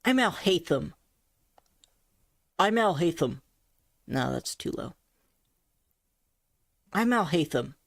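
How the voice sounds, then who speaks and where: Brief: a crisp, punchy young male scholar, as a voice student tries him on, slow, with a gravelly edge, dry sound. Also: medium pitch, very animated, dry recording, full character voice. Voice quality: abrupt and punchy. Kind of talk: voice impression practice.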